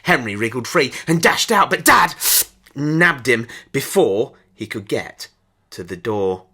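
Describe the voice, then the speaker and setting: A man reading a children's storybook aloud in an expressive, dramatic way. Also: mid-range voice, unhurried, husky. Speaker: storybook reader.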